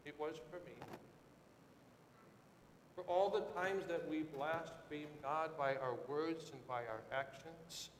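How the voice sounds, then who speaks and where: A man preaching a sermon with dramatic swings, rising to shouted quotes and dropping low and quiet. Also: fairly even intonation, slow, long pauses, reverberant, big-room sound, slight background noise.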